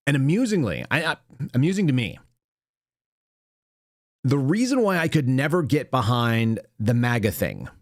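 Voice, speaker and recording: A man's voice: mid-range voice, no room sound, studio quality. A man hosting a live political commentary show, talking casually and bluntly with sardonic, rambling asides. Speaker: podcast host.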